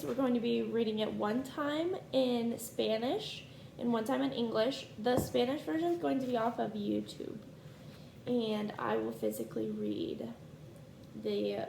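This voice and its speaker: A woman teacher reading a picture book aloud to her class in a slow, clear storytime delivery. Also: fairly high pitch, animated, darkish tone, reverberant, slight background noise.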